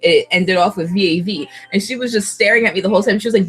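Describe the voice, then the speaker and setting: A young woman vlogger of Puerto Rican heritage chatting casually to camera, laughing often and gushing like an excited fan. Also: mid-range voice, a little fast, slightly rough.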